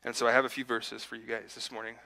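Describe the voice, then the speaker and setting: Male preacher with a very bright, sharp tone and a mid-range pitch; casual, self-deprecating delivery. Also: flat delivery, fast talker, gravelly, rough recording. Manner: conversational, self-deprecating, acts out his inner voice. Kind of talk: sermon with personal story. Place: church sanctuary.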